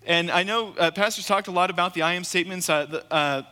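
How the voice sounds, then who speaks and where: A man's voice: sits high, fast talker, sharp tone, big-room sound. A man preaching a sermon, reading scripture and then explaining it in an earnest, emphatic way, repeating key phrases. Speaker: guest preacher.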